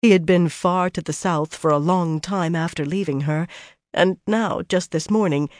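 Measured audiobook narrator, dry sound. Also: mid-range voice, no room sound. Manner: measured, even storytelling. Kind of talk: audiobook narration of a fantasy novel.

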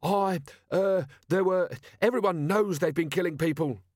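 A jittery street rioter trying to sound defiant, as a male narrator puts him on, his voice pushed up high and louder. He falters and blusters. The sound is dry. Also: normal speed, no room sound. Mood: blustering.

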